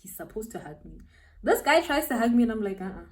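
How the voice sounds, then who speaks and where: A young South African woman chats quickly in a fairly high voice, a distant mic picking her up as she does her makeup for her beauty vlog. Her storytelling is animated and slangy, with laughter throughout.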